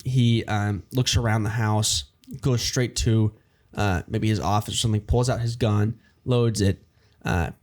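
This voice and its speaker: Man pitching a plot, loose and rambling, slips into quick bits of dialogue. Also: steady tone, a little mellow. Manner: rambling, many fillers and restarts, acts out lines. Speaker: writer pitching a story idea. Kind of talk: casual brainstorming chat.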